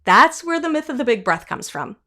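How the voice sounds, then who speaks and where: A woman vocal coach teaching an online singing lesson, demonstrating sounds and acting out little voices. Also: a little fast. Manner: animated, demonstrates sounds and sung notes; acts out imagined voices with leaps in pitch.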